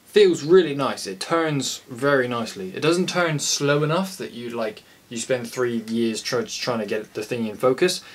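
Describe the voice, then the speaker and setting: A man's voice: medium pitch, lively intonation, moderate pace, few pauses. Sweary rambling English guy. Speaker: photographer reviewing a lens. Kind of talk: casual vlog chat.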